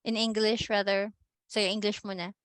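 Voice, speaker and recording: A woman's voice: mid-range voice, flat delivery, moderate pace, fairly bright tone, dry recording. A woman with a Filipino accent teaching a Spanish class online, patient, mixing English with Tagalog and checking often whether students follow.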